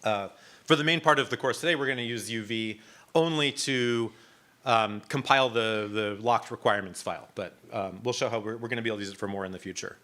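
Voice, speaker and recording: A man's voice: fairly low pitch, quick pace, sharp tone. A middle-aged man leading a live technical workshop, talking casually with many ums and restarts. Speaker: instructor. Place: conference room.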